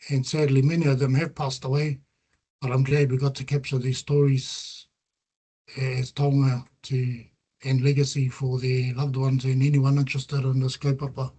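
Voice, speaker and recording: A man's voice: medium pitch, mellow, husky. A middle-aged man with a New Zealand accent gives an earnest, reflective presentation about his research. He weaves Māori terms into his English. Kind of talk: presentation talk with slides.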